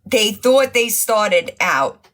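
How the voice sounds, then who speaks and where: A woman's voice: mid-range voice, lively intonation, very slow, fairly bright tone. A woman hosting a casual livestream, mocking and profane, laughing often and losing her voice. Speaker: livestream host.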